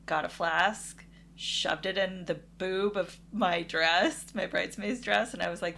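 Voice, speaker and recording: Woman on a podcast, low gravelly voice, chatty wry storytelling, faint hum. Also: unhurried, sharp tone. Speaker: podcast co-host. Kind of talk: casual storytelling.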